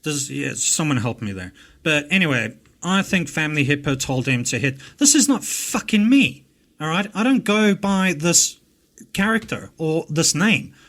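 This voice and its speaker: This host's English-speaking South African accent carries a little-high, animated, fairly bright voice at a moderate pace. He reacts to a recording in a video, mocking it in angry rants laced with swearing.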